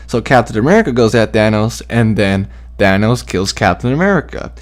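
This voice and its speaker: A man's voice: fairly low pitch, expressive, fairly quick. A man casually sharing fan theories, rambling with many fillers and the odd swear word. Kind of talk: casual chat.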